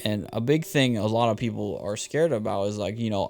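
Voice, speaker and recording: A young man hosting a casual motivational podcast, talking in an animated, slangy way with lots of repeated words. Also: fairly low pitch, brisk, vocal fry, hardly any pauses, faint music behind. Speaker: podcast host.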